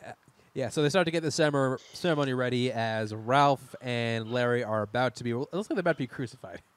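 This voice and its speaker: A man's voice: mid-range voice, fast, clear, resonant tone, no room sound. A man in casual podcast chat, recapping a TV miniseries scene by scene, rambling and laughing with frequent restarts. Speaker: podcast co-host.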